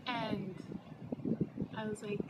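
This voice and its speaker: A woman's voice: mid-range voice, flat delivery, takes it slowly. A young adult woman telling her personal story in a casual, heartfelt way, often saying "like". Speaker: interviewee. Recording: loud vehicle noise behind.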